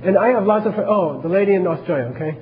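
A man's voice: high voice, fast talker, in a large hall, narrow, tinny audio. A man teaching a class on Buddhism, talking casually and asking his listeners questions as he goes.

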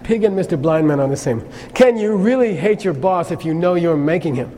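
Lecturing on karma from Buddhist teaching, a man keeps a conversational tone and frequently checks in with "okay?" He sounds a little high, mellow, and expressive, speaking fairly quickly. The recording shows long reverb and faint noise.

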